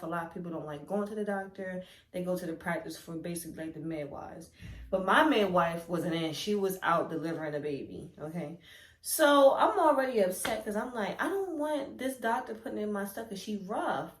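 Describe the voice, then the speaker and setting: Young woman w/ aave doing a storytime vlog, low-ish voice, real candid, jumps up high when quoting ppl, echoey room. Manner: animated and candid, acts out quoted lines with big pitch jumps. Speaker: vlogger.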